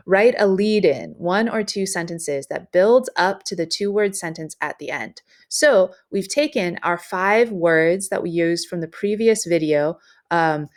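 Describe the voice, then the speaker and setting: A woman's voice: lowish voice, darkish tone. Woman teaching a recorded writing lesson. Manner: measured, explanatory, with frequent fillers.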